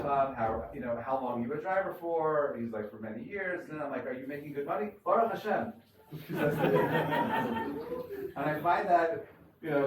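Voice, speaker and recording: A man speaking as a rabbi at a crowded event, telling anecdotes with many fillers and restarts. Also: mid-range voice. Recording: echoey room, far from mic, noisy.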